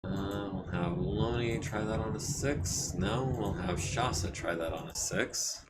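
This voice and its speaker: A man casually talking through repairs while streaming a strategy game, his throat a bit scratchy and often cleared. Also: fairly low pitch, measured pace. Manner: relaxed, thinking aloud while managing repairs. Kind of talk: casual let's-play commentary.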